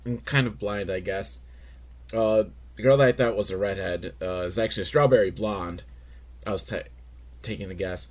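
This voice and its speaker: A man hosting a podcast, recapping a film in a crude, rambling, self-mocking way with sudden loud outbursts. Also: lowish voice, normal speed. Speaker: podcast host reviewing a film. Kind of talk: casual comedic film recap.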